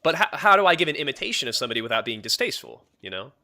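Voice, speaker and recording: A man's voice: medium pitch, sing-song, rapid-fire, sharp tone. A young man streaming a game, chatting casually with his viewers in a rambling way. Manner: rambling, talks to chat, many fillers and restarts. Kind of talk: casual live-stream chat.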